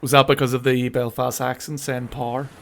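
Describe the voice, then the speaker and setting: A man's voice: medium pitch, little pitch movement, moderate pace, gravelly. A man co-hosting a comedic podcast, answering in short, dry, laconic lines. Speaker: podcast co-host. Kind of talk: comedic improvised sketch chat.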